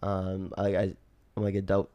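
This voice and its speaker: A man's voice: sits low, monotone, normal speed, highs cut off. A young man co-hosting a casual podcast chat, rambling with lots of fillers and restarts, laughing often. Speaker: podcast co-host.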